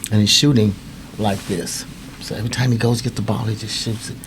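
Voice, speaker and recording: A man in his fifties, a youth coach and club director, telling a story in a podcast interview, animated and acting out the voices of others. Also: fairly low pitch, fast, background noise. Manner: animated, acts out quoted voices.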